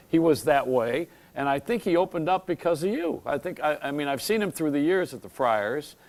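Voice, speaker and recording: Animated male talk show host. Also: mid-range voice. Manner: flattering, encouraging the guest. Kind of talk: late-night talk show interview. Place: TV studio set.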